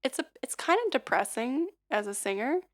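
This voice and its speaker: A hoarse woman singer and livestreamer chatting casually and leading a vocal warm-up, rambling with lots of fillers and little laughs. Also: fairly high pitch, animated, brisk. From United States.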